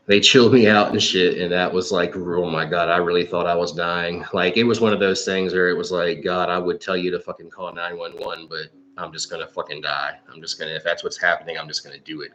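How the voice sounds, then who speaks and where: A man's voice: sits low, pushed and bright, dull audio. A man telling a long rambling story on a livestream, swearing often and full of fillers. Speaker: psychic livestream host. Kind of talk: casual storytelling monologue. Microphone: livestream microphone.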